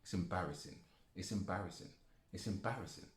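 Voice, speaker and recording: A man's voice: sits low, a little fast. A male football fan ranting angrily, repeating himself and swearing as he argues. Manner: repetitive, heated, swearing. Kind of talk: angry football rant. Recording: echoey room.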